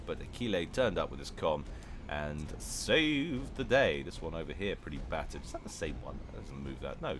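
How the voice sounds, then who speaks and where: Deep-voiced man casting a game. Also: slight background noise. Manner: jokey, chatty, self-mocking asides. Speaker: game caster. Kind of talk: commentary on a strategy game replay.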